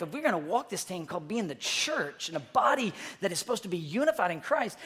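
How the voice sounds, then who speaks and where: In a loose, conversational sermon to young listeners, a woman youth pastor speaks in a relaxed, everyday way, often restarting as she builds a point. Her voice is a little high and slightly rough, and she acts out the voices of the people she describes to make her points land.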